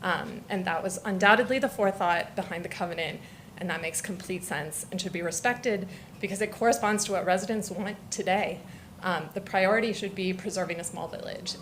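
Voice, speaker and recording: Firm, low-voiced woman at public comment. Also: fairly quick, a bit bright, a little hiss or hum. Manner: firm, earnest. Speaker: resident speaking at public comment. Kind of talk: public comment at a council meeting.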